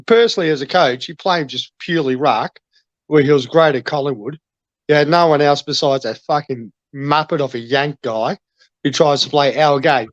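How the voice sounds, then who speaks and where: A man's voice: a little high, lively intonation, normal speed, dry recording, muffled recording. A man with an Australian accent, a podcast guest talking in a ranting, sweary, mock-boastful way. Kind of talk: ranting casual chat.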